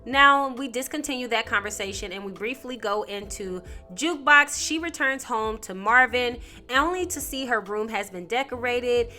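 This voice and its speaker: Chatty woman with a bright, higher voice. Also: a little slow, soft background music. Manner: chatty, slangy, animated storytelling. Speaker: TV recap host. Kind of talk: casual TV episode recap.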